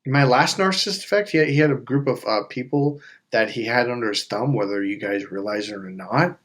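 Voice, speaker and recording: A man hosting a self-help video, telling stories in a casual, animated way with frequent swearing. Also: mid-range voice. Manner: animated storytelling with swearing and acted-out quotes. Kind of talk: casual motivational talk.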